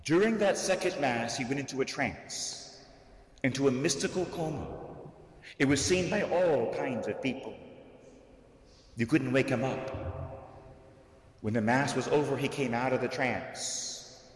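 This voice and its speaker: A man, a Catholic priest, preaching a sermon to a live audience, telling the story slowly and deliberately and raising his voice for emphasis. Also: medium pitch. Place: large church hall, live audience. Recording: echoey hall, long reverb.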